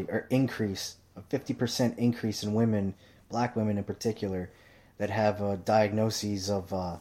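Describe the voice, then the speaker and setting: A young man talking casually into a mic in a profane, rambling monologue, swearing constantly and telling animated stories. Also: fairly low pitch. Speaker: commentator.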